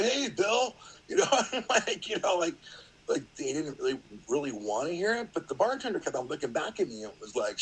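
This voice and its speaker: A man's voice: medium pitch, slightly rough, low-quality recording. A middle-aged man, a podcast guest, telling a story in a rambling, casual way, full of fillers and acted-out quotes.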